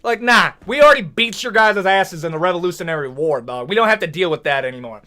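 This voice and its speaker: Fast and high-voiced, a young American video commentator launches into joking rants. His casual talk is animated and full of slang and mock outrage, with phrases like "brother, what?"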